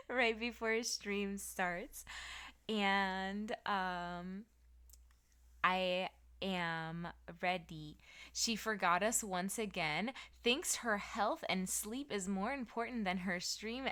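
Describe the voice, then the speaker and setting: Young woman streamer, sleepy and giggly, playful slang, bright clear tone. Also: mid-range voice. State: sleepy, yawning. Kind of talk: casual chat reading live chat.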